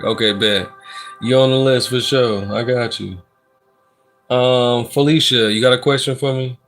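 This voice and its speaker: Hosting a livestream of personal readings, a relaxed man chats with viewers and reads the chat aloud. His voice is a little low, his talk loose, joking and slangy, and soft music plays faintly in the background.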